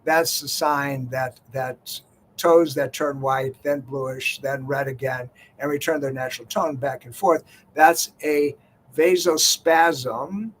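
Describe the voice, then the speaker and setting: A man's voice: medium pitch, fairly even intonation, slow, a little hiss or hum. An older man hosting a radio health show, talking in a folksy, conversational way with lots of "you know" fillers. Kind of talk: talk radio monologue.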